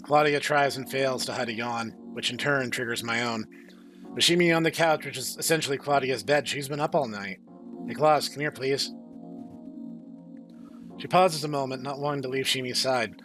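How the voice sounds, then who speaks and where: Let's-play host, male, mid pitch, measured narration, faint music underneath. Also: a bit bright. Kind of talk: reading a visual novel aloud.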